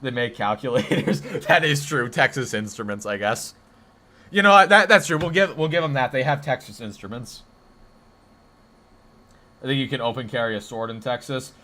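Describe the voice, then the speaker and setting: Bright-voiced rambling streamer man. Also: medium pitch, moderate pace. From northeastern United States. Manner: rambling, reacts to chat, self-correcting. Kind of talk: casual live-stream chat.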